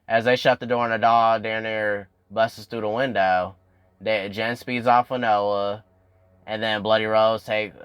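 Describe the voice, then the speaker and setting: A young man casually recapping a TV episode, addressing viewers directly and getting animated as he goes. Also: smooth, no room sound. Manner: animated, addresses viewers as y'all, swings up in pitch when excited. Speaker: YouTube recap host.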